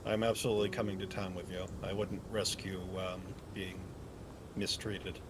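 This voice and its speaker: A man's voice: deep voice, level tone, normal speed, noisy background. A man playing a tabletop game, joking and hesitant with many ums. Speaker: player. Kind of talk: casual tabletop play.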